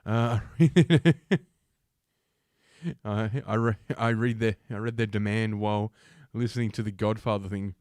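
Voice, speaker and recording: A man's voice: lowish voice, level tone, moderate pace, hardly any pauses, clean tone, no echo, clean studio sound. A young man hosting a livestream, reading news aloud and ranting about it in a sarcastic, profane, combative way. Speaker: livestream host.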